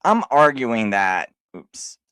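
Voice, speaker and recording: A man hosting a live stream, talking casually and insistently, with halting restarts as he argues a point. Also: medium pitch, big pitch swings, fairly bright tone, clear, resonant tone, no echo, studio quality.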